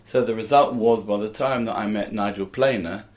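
A man's voice: lowish voice, moderate pace. An older man from England, a comedian and musician, telling rambling anecdotes in a casual interview.

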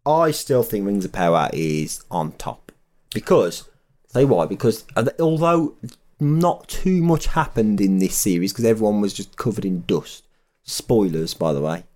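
Low-voiced podcast co-host. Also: male voice, measured pace. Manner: relaxed, laughs often, trails off in restarts. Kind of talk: casual chat.

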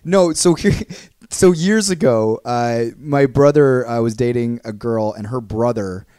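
A man's voice: mid-range voice, clean tone, dry recording, clean studio sound. A man co-hosting a casual podcast chat, telling rambling anecdotes with lots of fillers and quoted back-and-forth. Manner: rambling storyteller, quick and animated, many fillers. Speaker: podcast co-host.

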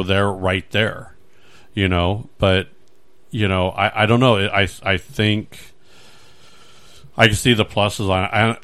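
A man hosting a podcast, chatting casually in a rambling, animated way with many restarts. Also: low voice. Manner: rambling, animated, acts out little scenes. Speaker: podcast host. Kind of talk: casual chat.

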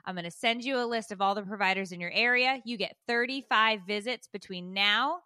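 A woman voicing a polite female insurance phone agent who speaks in a brisk, helpful service tone. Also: mid-range voice, bright, forceful tone, no room sound, clean studio sound, natural voice.

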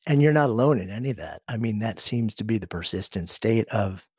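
A man hosting a casual chat, answering in a thoughtful, measured way. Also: fairly low pitch, expressive, a little mellow, slightly rough, no echo, studio quality.

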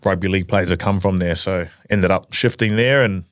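A man from New Zealand, a rugby league player guest, talking hesitantly with many pauses. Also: low voice, dry recording, studio quality. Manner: hesitant, many ums, soft-spoken. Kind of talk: casual chat.

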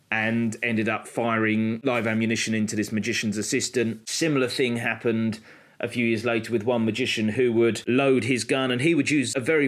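A man co-hosting a podcast and telling history stories in a casual, explanatory way. He slows down for the dramatic moments. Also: medium pitch.

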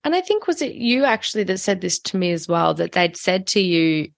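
A woman's voice: lowish voice, very animated, a little fast, vocal fry, no echo, clean studio sound. A woman hosting a conversational interview, reacting openly and asking follow-up questions. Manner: reactive and emotionally open.

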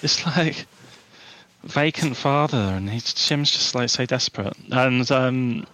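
Brief: dry-recorded man, mid-pitched co-host, wry and critical in casual chat. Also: slow, sharp tone, no echo. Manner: wry, critical, searching for words with ums. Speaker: podcast co-host. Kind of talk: casual film-review chat.

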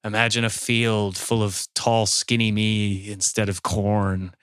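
A man's voice: on the low side, a little slow, smooth, no room sound, studio quality. A man doing a joking countdown in playful comedic banter. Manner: lively, joking countdown delivery.

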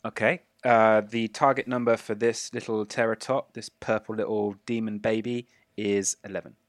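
A man narrating a tabletop game as game master, describing the action in a casual way with quick asides. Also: fairly low pitch, level tone, no room sound, studio quality.

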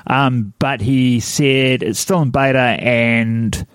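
A man's voice: mid-range voice, steady tone, slow, smooth, no echo, studio quality. A man, co-hosting a podcast, explaining things in a matter-of-fact casual chat. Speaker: podcast co-host.

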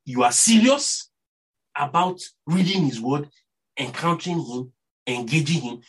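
A man's voice: mid-range voice, husky. A man with a Nigerian accent preaching a sermon earnestly, repeating phrases for emphasis.

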